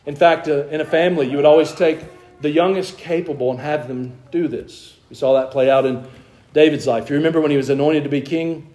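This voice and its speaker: A man from the American South preaching to his congregation in a church. His voice sits a little higher than most men's. He preaches with earnest, shifting emphasis and puts questions to the crowd. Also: a little fast, darkish tone. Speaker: pastor. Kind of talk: sermon.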